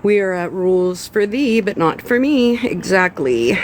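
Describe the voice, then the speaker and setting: Woman, livestream host, casual commentary, blunt, repeats herself, slow. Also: mid-range voice, sing-song, slight background noise. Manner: repeats phrases, blunt and exasperated, swears.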